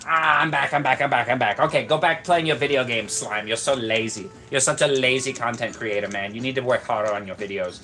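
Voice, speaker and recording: A man casually rambling on a stream, joking deadpan with lots of fillers. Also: mid-range voice, a little fast, hardly any pauses, faint music behind.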